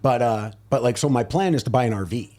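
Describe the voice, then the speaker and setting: A man in his thirties chats on a podcast in an easy, rambling way. He strings thoughts together with frequent fillers and restarts. His voice sits at an average pitch for a man. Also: fast talker, mellow. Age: 30s. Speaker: stand-up comedian. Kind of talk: casual podcast chat.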